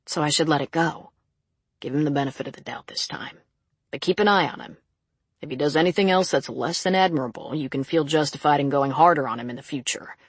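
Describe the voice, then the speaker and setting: A reader voicing a calm, gently probing male sheriff in an audiobook. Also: mid-range voice, quick pace, dry recording, natural voice. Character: calm steady man, a rural sheriff. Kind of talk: audiobook character reading.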